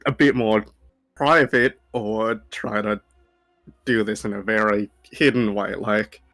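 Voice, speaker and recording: A man's voice: on the low side, fairly even intonation, takes it slowly, a bit bright, soft background music. A man playing a tabletop game, rambling through plans with many likes and restarts. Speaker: player. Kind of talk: casual tabletop play.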